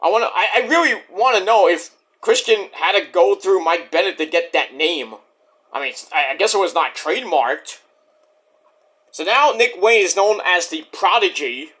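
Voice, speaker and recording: A man with a high, bright, forceful voice rambles through a wrestling recap. His pitch swings widely as he jumps between retelling and crude side comments. It has the loose, unscripted feel of a casual vlog. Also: moderate pace, breathy edge. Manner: animated, rambling, profane asides. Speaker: wrestling show reviewer.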